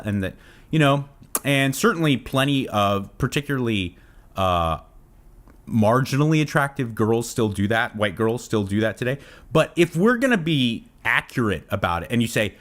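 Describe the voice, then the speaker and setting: A man's voice: fairly low pitch, very animated, unhurried, fairly bright tone. A man from Southern California hosting his own channel, chatting casually to camera and rambling off on tangents. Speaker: fitness channel host.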